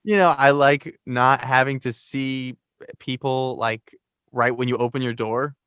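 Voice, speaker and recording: A relaxed man chatting as a podcast guest, easygoing and quick to laugh. He slips into little impressions of people he talks about. His voice sits in a middle pitch and sounds dry, close and free of room echo. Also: clean tone. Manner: laid-back, laughing, acts out quoted people. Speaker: singer-songwriter guest. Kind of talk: casual conversation. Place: New York.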